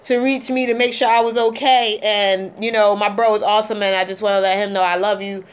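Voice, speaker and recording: A middle-aged woman hosting a call-in show, talking in a heartfelt, halting way with many ums. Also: mid-range voice, little pitch movement, clear, resonant tone. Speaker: host. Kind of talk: casual call-in show talk.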